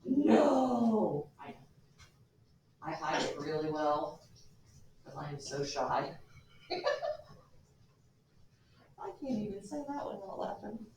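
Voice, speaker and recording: Animated woman teacher in an echoey classroom. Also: deep voice, slow pace, far from the mic, slight background noise. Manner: animated and joking, with students. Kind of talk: classroom lecture.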